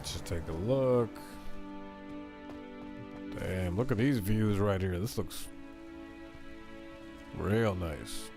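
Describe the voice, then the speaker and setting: A man streaming a video game, talking in a casual, excitable, chatty way and reading his chat aloud. His voice sits a little on the low side. Game music plays clearly behind him. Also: very slow, long pauses. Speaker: gaming streamer. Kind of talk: casual let's-play commentary.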